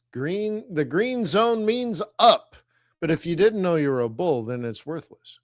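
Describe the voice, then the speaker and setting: A middle-aged man hosts a live trading stream in an energetic, teasing manner. His voice sits at a medium pitch. The recording is dry, with no room echo. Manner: energetic, teasing, talks to viewers as kids. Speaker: forex trading host.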